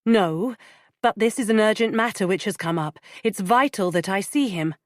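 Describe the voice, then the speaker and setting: A woman voices an anxious, determined woman in crisis, speaking in a tense, strained way. Her natural-sounding voice is medium in pitch, pitched above her own, at a moderate pace, recorded at studio quality with no echo.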